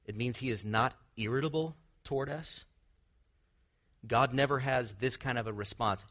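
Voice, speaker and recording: A man's voice: medium pitch, moderate pace, fairly bright tone. A man preaching a sermon, teaching earnestly with rhetorical questions and the odd light laugh. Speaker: pastor.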